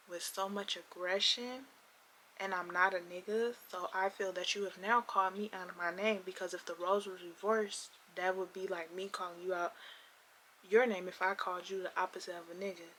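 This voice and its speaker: A woman's voice: medium pitch, little pitch movement, moderate pace, fairly bright tone, slight background noise. A young woman telling a personal story on her vlog, acting out both sides of an argument with emphasis.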